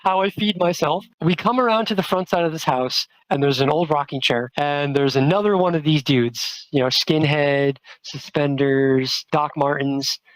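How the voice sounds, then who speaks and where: A trans woman, telling a personal story in a casual, chatty way, full of "like" fillers, with quotes acted out in a higher voice. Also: normal speed, hardly any pauses, dry recording, rough recording. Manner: chatty, many "like" fillers, acts out quotes with jumps in pitch. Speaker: storyteller, activist.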